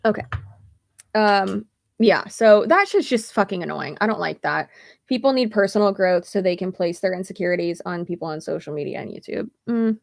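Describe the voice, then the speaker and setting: A young woman talks on a casual livestream with a gravelly, fry-edged voice at a middle pitch. She is blunt and rambling and swears freely, and the sound is dry and close with no room around it. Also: animated, moderate pace, no echo. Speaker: YouTube creator.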